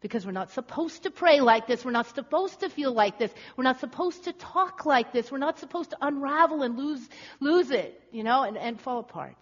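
A woman's voice: sits high, expressive, moderate pace. A woman preacher giving a dramatic, rhetorical sermon with building emphasis. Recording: echoey hall, slightly dull.

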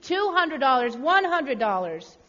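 A woman's voice: sits high, sing-song, measured pace, bright, forceful tone, full character voice. A woman playing a persistent auctioneer. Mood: insistent. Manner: insistent, announcing. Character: persistent male auctioneer, formal and firm. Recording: echoey hall, dull sound.

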